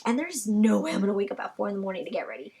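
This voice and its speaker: A young woman chatting casually in a Q&A vlog, rambling with lots of fillers and sometimes dropping to a soft near-whisper. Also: mid-range voice, expressive, racing, creaky, slightly rough. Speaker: vlogger answering viewer questions.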